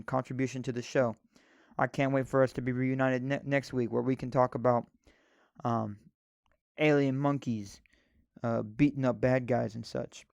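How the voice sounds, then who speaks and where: A man's voice: mid-range voice, creaky, clean tone, dry recording, clean studio sound. An American man hosting a podcast alone, rambling sarcastically and swearing casually. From United States. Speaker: podcast host. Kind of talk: solo casual podcast monologue.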